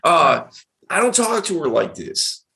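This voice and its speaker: A middle-aged man hosting a casual podcast, his pitch leaping around with lots of energy. The tone is bright and forward, and he leans hard on key words. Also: measured pace, creaky. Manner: animated, emphatic, varied tonality. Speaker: dating coach, podcast host.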